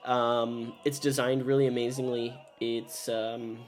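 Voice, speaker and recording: A man's voice: medium pitch, level tone, measured pace. A man co-hosting a board game review show in casual chat, thoughtful and hedging as he searches for words.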